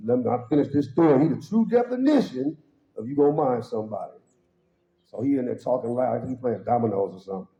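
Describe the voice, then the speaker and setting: A man giving a humorous storytelling testimony at a church service, acting out voices and laughing along with his own punchlines. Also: quick pace. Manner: animated, acts out quoted voices with sudden high pitch jumps. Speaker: guest speaker at a worship service. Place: church hall. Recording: roomy, slightly dull hall sound.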